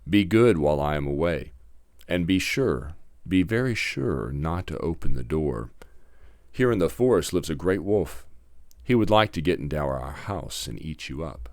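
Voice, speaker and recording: A man's voice: very deep voice, animated, normal speed, a little mellow, no echo, studio quality. A man doing a fretful mother goose. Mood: earnest. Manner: warning, earnest. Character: loving anxious mother goose.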